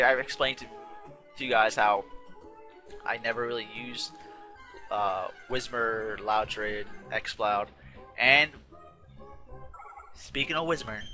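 A man's voice: mid-range voice, bright, forceful tone. A man hosting a casual let's play, chatting and correcting himself as he plays, a bit tired and yawning. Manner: rambling, self-correcting, chatty. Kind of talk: casual gameplay commentary. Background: game music.

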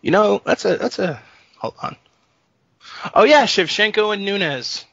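Male podcast co-host, tense bright voice, dry close mic, animated. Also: sits high, unhurried, vocal fry, no room sound. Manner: animated, laughing often, jokey. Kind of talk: casual sports chat. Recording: dull lo-fi dry sound.

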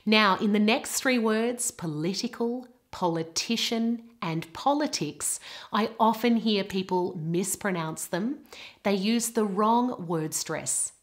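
A woman presenting a short pronunciation lesson at a slow, unhurried pace. She sets out each word with care and repeats it for the listener to copy. Her pitch sits in a medium range. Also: animated. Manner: clear, deliberate model pronunciations. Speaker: pronunciation teacher.

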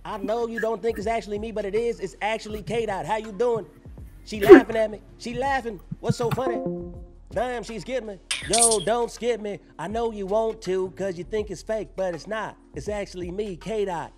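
A man's voice: high-pitched, moderate pace, darkish tone, soft background music, close to an everyday voice. A man doing a laid-back coaxing rapper. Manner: coaxing, keeps asking not to be skipped. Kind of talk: voice trolling strangers on video chat.

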